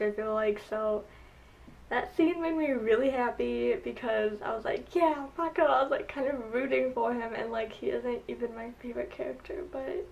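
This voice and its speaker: A young woman talks through a show review in a loose, gushing chat full of "like" and "oh my gosh". Her voice sits a little high. She sounds a bit back from the microphone. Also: vocal fry, a little mellow, far from the mic, poor audio. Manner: gushing, chatty, lots of "like" and "oh my gosh". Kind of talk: casual chat.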